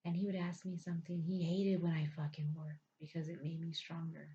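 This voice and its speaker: A woman's voice: sits low, flat delivery, fairly quick, mellow. A woman recounting her own life story in a blunt, profane, emphatic way. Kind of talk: personal storytelling. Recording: dull lo-fi recording.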